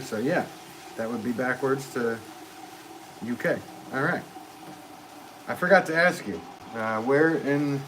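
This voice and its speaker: Casual male potter, mid-pitched voice, chats with viewers on a noisy stream from his studio. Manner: easygoing, reads viewer comments aloud and chats back with soft laughs. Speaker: potter live-streaming while throwing pots. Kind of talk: casual live-stream chat. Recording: noisy live-stream audio with clear background hiss.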